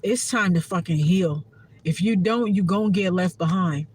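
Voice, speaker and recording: A woman's voice: lowish voice, normal speed, darkish tone, a little hiss or hum. A woman giving a heartfelt, profane casual monologue to her viewers as a spiritual content creator.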